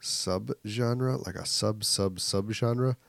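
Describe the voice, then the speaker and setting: A man's voice: on the low side, slow, gravelly, no echo. A man co-hosting a podcast in casual chat, wry and rambling, often trailing off. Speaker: podcast co-host. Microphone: podcast mic without pop filter.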